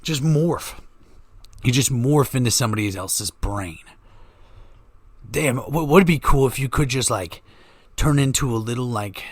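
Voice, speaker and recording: A man's voice: medium pitch, fairly quick, a bit bright, no room sound. A man, hosting a podcast in a joking, profane monologue that keeps going off on tangents. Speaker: podcast host. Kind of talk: rambling comedic monologue.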